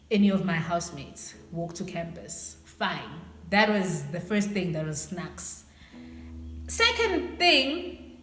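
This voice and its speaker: A young South African woman casually telling a story time to her viewers, animated and acting out what people said. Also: medium pitch, a little hiss or hum. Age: young adult. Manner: animated, switches into Xhosa phrases, acts out quotes. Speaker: vlogger. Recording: echoey room with faint background music.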